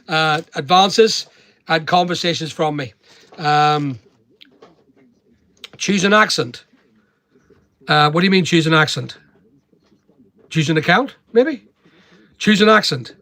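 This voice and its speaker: A man's voice: a little high, fairly bright tone, dry recording. A middle-aged man with a Northern Irish accent chatting casually on a livestream, giving blunt, preachy money advice and answering comments. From Northern Ireland. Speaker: online seller and livestream host.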